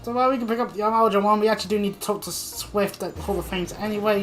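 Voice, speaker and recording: A woman's voice: mid-range voice, quick pace, few pauses. Woman streamer rambling through gameplay, lots of ums, trails off, faint music behind. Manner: rambling, filler-heavy, trails off quietly. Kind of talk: casual gameplay commentary.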